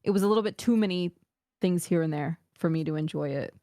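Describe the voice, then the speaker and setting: A woman's voice: on the low side, fast, warm tone, no echo. Candid woman streamer, dry close mic. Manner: thoughtful and candidly opinionated. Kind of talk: casual chat.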